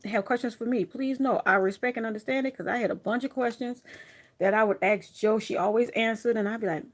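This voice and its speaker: A woman talks straight to her viewers in a loose, chatty way, jumping from one story to the next and cutting in with asides. Her voice sits a little high, and she keeps the telling lively and animated. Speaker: craft vlogger. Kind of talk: casual chat to viewers.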